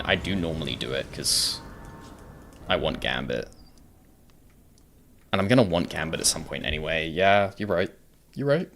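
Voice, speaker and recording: A young man with a British accent and a low voice that drops into gravelly fry, rambling through a gaming stream. He thinks aloud, answers his chat and swears offhandedly. A faint hum of room noise sits behind him. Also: fairly bright tone. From Britain. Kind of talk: casual live-stream chat while gaming.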